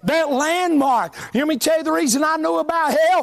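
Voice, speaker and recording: A man preaching a fiery revival sermon in a church, with a chanting, shouting cadence full of uh fillers. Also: extremely high pitch, big pitch swings, normal speed, creaky. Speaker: pastor. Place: church sanctuary.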